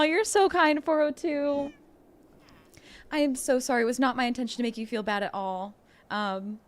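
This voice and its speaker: A woman streamer chatting casually with her viewers in a bubbly, effusive, giggly way. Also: high voice. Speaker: livestreamer. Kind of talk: casual livestream chat with viewers.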